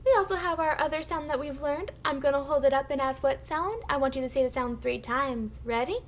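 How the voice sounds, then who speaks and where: Speaking in a high pitch, a woman teaches young children phonics on a recording, pronouncing words slowly and distinctly for them to say after her.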